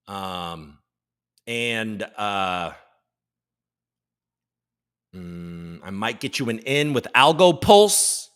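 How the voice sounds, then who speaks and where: A man hosting a casual livestream chat, energetic and joking, swearing freely as he greets chatters by name. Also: fairly low pitch, takes it slowly, long pauses, clear, resonant tone. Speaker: livestream host.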